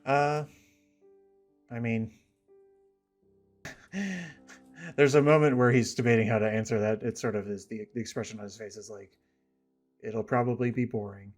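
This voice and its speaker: A man narrating a tabletop game as game master, easygoing and halting, with frequent laughs. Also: medium pitch, soft background music.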